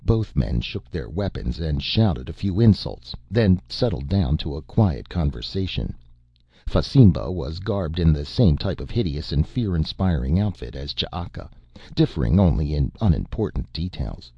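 A man narrating a novel as an audiobook, in a measured storytelling manner. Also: rumbling low, big pitch swings, creaky, warm tone, slightly rough, no room sound, muffled recording. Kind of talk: scripted narration.

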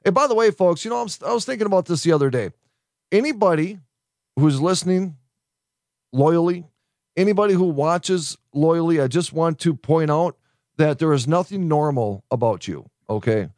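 A man co-hosting a comedic talk show, brash and joking, full of "dude" and "bro." His voice is gravelly, slightly high for a man, and swings widely in pitch, recorded dry and close. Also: expressive, normal speed, darkish tone, dry recording. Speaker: podcast co-host. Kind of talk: casual comedic chat.

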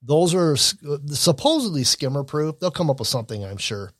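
A man's voice: fairly high pitch, very animated, moderate pace, no room sound, clean studio sound. Blunt, opinionated man. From Michigan. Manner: blunt, opinionated, rambling with restarts. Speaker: commentary show host. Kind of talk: casual news and political commentary.

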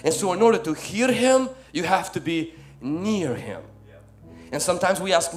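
A male pastor preaching a sermon, swinging from loud emphatic lines to soft ones and calling listeners "my friend". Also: high-pitched, animated, normal speed, faint music behind.

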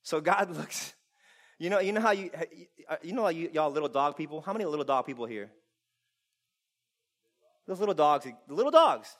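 Animated high-voiced male preacher. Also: moderate pace, long pauses. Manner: animated preaching with bursts of loud laughter and playful voices. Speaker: pastor. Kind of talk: sermon.

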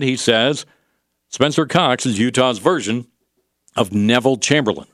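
A male talk radio host giving conversational commentary, pausing often on fillers. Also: mid-range voice, fairly bright tone, no echo, clean studio sound. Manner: conversational, with frequent filler pauses.

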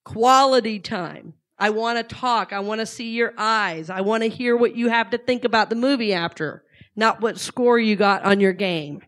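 A middle-aged woman talks to a live audience in a relaxed, conversational way and keeps asking them questions. Her voice sits a little high. Her speech has natural fillers and restarts. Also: moderate pace. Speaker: speaker.

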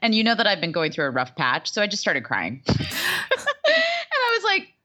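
A woman co-hosting a podcast, chatting casually and telling animated stories, acting out the people she quotes. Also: mid-range voice, fairly quick. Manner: animated, laughing storyteller who acts out quotes. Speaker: podcast co-host. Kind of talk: casual chat.

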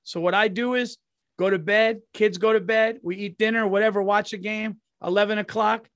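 Laughing high-voiced man podcaster. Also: fairly even intonation, moderate pace, a bit bright, no echo, studio quality. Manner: profane, laughing, jokey. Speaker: podcast co-host. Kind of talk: casual podcast chat with ad read.

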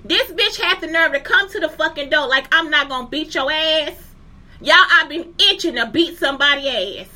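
Very high, sharp-voiced angry woman ranting. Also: lively intonation, moderate pace. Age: 40s. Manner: profane, heated, keeps asking listeners if they understand. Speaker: teacher. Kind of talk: angry rant to camera.

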